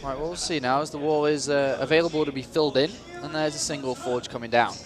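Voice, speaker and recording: A British man casting a live strategy game match, lively and self-deprecating, sometimes correcting himself. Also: on the high side, fast, a crowd in the background. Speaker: esports commentator.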